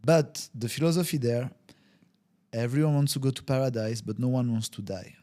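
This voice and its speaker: A man of average pitch tells a story as a podcast guest. He slips into quoted voices to act out each scene. His phrasing is non-native, and it is full of fillers and restarts. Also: moderate pace, dark tone. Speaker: podcast guest, wellbeing consultant. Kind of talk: conversational storytelling.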